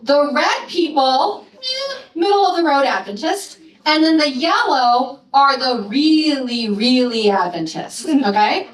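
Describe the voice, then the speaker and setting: A high-voiced woman gives a lecture on her research, talking in a chatty, playful way and tossing in quick asides. She sounds a little distant from the mic, and the hall around her is echoey. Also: sing-song. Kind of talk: presenting research to an audience.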